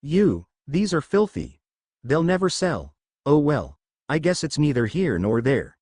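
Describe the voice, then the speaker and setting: A man's voice: fairly high pitch, very animated, a little slow, a little mellow, no room sound, studio quality. A man putting on a pushy British old merchant. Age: older. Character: flamboyant male traveling merchant, pushy and snobbish.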